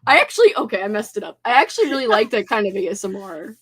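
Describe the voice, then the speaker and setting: A woman's voice: mid-range voice, sing-song, very fast, hardly any pauses, fairly bright tone, breathy edge. A young woman hosting a casual livestream chat at home, giggly and playful, her voice tired. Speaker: livestream host.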